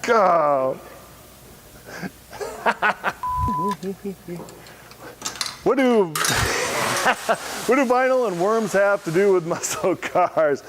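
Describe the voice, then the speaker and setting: Slow-talking jokey male show host. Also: high voice, animated, noisy background. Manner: jokey, laughing at own flubs. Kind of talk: casual show hosting with bloopers.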